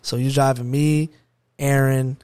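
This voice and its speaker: A young man telling a story in a casual chat, animated and excitable, with heavy slang. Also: medium pitch, unhurried, clear, resonant tone, dry recording. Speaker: podcast guest.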